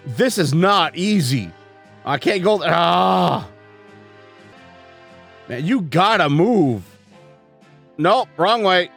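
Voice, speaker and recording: A man's voice: sits high, animated, extremely slow, gravelly, long pauses, fairly bright tone, faint music behind. A man reviewing a video game as he plays, exasperated and sarcastic, swearing often. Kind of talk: let's-play commentary.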